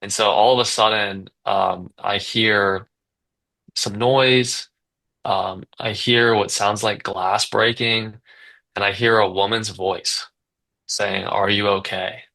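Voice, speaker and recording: A man's voice: lowish voice, steady tone, takes it slowly, creaky, bright, forceful tone, low-quality recording. A man in his twenties, a guest telling a story in a casual podcast chat, rambling with lots of fillers and restarts. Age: 20s. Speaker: guest, business owner.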